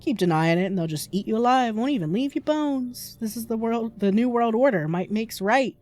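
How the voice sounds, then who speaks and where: A woman reading the lines of a rough, cynical male drifter in a horror game, blunt and menacing. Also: on the high side, lively intonation, normal speed, darkish tone, voice pushed up, lightly acted. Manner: blunt, menacing street talk.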